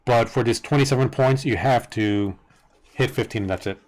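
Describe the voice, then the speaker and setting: A man running a tabletop game as its master, patiently explaining character rules with halting restarts over a home voice-chat mic. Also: medium pitch, darkish tone. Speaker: dungeon master. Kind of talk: casual game-setup chat on a live stream.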